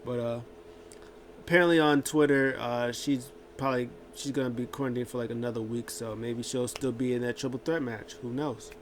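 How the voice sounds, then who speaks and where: A man's voice: medium pitch, steady tone, fairly quick. A man casually recapping a wrestling show, rambling with lots of filler words and restarts.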